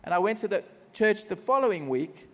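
A man's voice: high voice, very animated, brisk, a bit bright, in a large hall. A South African man preaching a personal testimony at a church service, telling his story animatedly with self-mocking humor.

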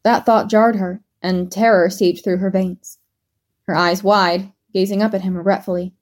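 A woman narrating a fan fiction story in a steady, measured read. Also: medium pitch. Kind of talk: scripted narration.

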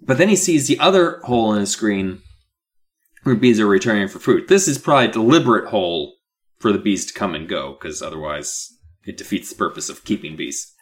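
A man co-hosts a casual podcast, retelling a book's plot with playful, animated energy. His pitch bounces around a lot as he jokes and slips into quick voices for the characters. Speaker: podcast co-host. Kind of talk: casual chat recapping a book.

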